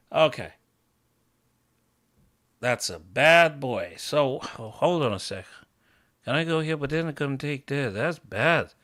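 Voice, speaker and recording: A man talking his way through a live chess game at an unhurried, drawn-out pace. He mocks himself and breaks into sudden exclamations, with a voice of middling pitch. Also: lively intonation, fairly bright tone. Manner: self-mocking, bursts into exclamations. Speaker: chess coach streaming his games. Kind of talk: thinking aloud while playing live chess.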